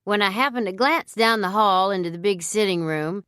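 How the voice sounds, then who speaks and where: A woman narrating a novel in the first person with a measured, even storytelling manner. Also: medium pitch, clean tone, no echo, studio quality. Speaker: audiobook narrator.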